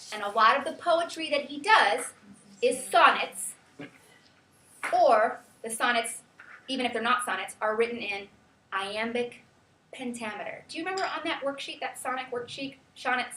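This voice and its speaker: A bright, high-voiced woman teaches a class, lively and quizzing her students as she counts out rhythms. The lecture is picked up from a distance in an echoey classroom, with a faint hiss underneath.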